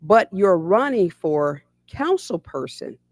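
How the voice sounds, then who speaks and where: A woman hosting a podcast, asking formal, deliberate interview questions. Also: on the low side, sing-song, a little mellow, dry recording. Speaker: podcast host.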